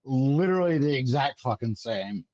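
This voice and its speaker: A man's voice: medium pitch, lively intonation, moderate pace, dark tone, no echo, muffled recording. A young man, a former Marine, swapping profane, laughing war stories in a casual chat.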